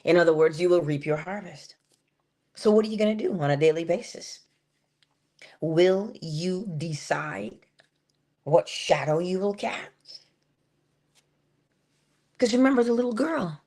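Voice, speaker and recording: A woman giving a morning motivational talk, dropping at times into a soft whisper and drawing out key phrases slowly. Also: on the low side. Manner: shifts between full voice and soft unvoiced whisper; drawn-out, emphatic delivery with slowed phrases. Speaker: inspirational speaker.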